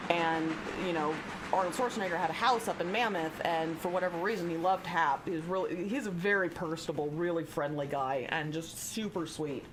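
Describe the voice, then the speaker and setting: A young adult woman streaming, telling stories in a casual, animated way, swearing freely and acting out the people she quotes. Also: lowish voice, fairly quick, background noise. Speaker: live streamer. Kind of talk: casual storytelling chat.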